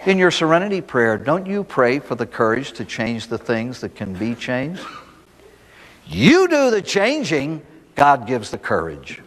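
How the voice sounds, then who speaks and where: Folksy priest in an echoey hall. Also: male voice, mid-range voice, huge pitch swings, measured pace. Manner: folksy storytelling with rhetorical questions. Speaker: priest giving a recovery talk. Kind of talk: recovery talk to a live audience.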